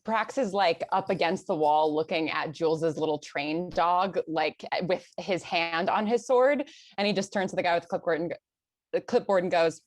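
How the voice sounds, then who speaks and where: A woman's voice: lowish voice, moderate pace. A woman player at a tabletop game, chatting casually and laughing. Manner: laughing, easygoing. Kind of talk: casual chat.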